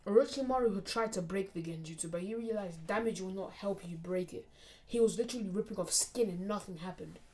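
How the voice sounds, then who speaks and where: A woman's voice: medium pitch, a little fast, darkish tone. A young woman casually narrating a fan-made anime story, often dropping to a near whisper.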